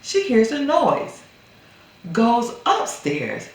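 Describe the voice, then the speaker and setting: Animated woman recapping a movie, echoey room. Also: on the high side, drawn-out words. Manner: animated storytelling, acts out characters' lines. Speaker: movie reviewer.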